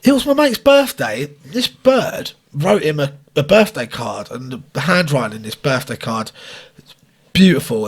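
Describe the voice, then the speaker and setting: Male co-host, raspy, pitch jumps around a lot. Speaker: podcast co-host. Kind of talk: casual chat.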